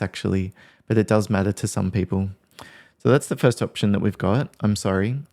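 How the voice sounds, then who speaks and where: A man's voice: on the low side, a little mellow. A man working as a workplace mediator, giving a casual lesson, thinking aloud and acting out example phrases.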